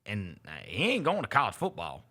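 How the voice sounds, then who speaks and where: A man's voice: mid-range voice, huge pitch swings, fairly quick, pushed and bright, husky. A middle-aged man, hosting a sports talk show and telling rambling anecdotes full of fillers and restarts. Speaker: host.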